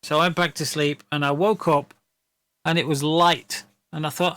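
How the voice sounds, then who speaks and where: Bright-voiced rambling man. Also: a little high, little pitch movement, moderate pace, no echo. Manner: rambling, stammering storyteller who laughs often. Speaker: streamer. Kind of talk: casual chat.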